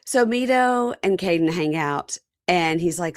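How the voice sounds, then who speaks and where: A woman hosting a casual podcast, retelling a TV episode and acting out the quotes in animated voices. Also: lowish voice, measured pace, few pauses, no room sound, studio quality. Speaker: podcast host. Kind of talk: casual recap chat.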